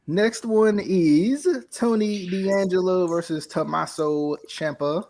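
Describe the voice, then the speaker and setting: A man's voice: high-pitched, slow pace, hardly any pauses, a little mellow. A man hosting a casual wrestling podcast over an online call, laid-back and full of fillers. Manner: laid-back, filler-heavy, laughs easily. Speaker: podcast host running the picks. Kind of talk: casual chat.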